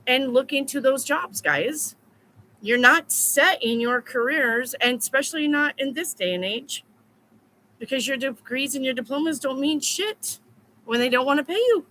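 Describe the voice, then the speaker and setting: A woman's voice: high voice, lively intonation, moderate pace, pushed and bright, a little hiss or hum, low-quality recording. A woman reading tarot in a casual live stream, telling stories bluntly with plenty of swearing. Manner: blunt, profane storytelling. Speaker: tarot reader.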